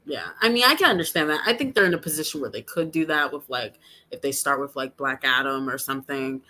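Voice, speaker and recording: A woman's voice: low voice, fast talker, sharp tone. A woman co-hosting a casual podcast, opinionated, often laughing and trailing off. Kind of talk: casual chat.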